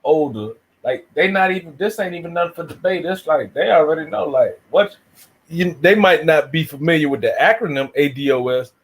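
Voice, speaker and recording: A man's voice: a little high, a little fast. A man from the southern United States on a casual panel chat, reflective and slangy, making his points at length.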